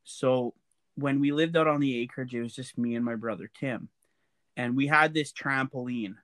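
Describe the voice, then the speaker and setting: A man chatting casually, relaxed, with many fillers, as he tells a story about his brother. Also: medium pitch, normal speed, no room sound.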